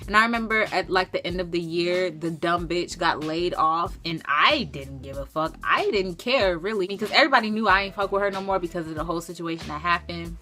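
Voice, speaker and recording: A young woman telling a storytime vlog in an animated, profane, emphatic way. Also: lowish voice, brisk, hardly any pauses, soft background music. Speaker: vlogger.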